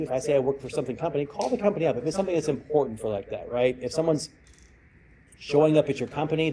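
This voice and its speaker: A middle-aged cybersecurity speaker gives a conference talk in a presentation room, telling stories and acting out the voices of the people in them. His voice is medium-pitched and mellow, but the audio is poor.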